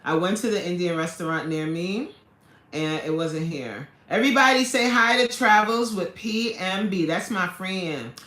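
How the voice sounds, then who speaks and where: A woman chats to her live-stream viewers in a put-on valley-girl voice, packing her lines with "like" and "totally." Her tone is bright and her pitch lively, swooping up and down. The recording sits in an echoey room. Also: normal speed. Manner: exaggerated valley-girl talk full of "like, totally". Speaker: livestream host.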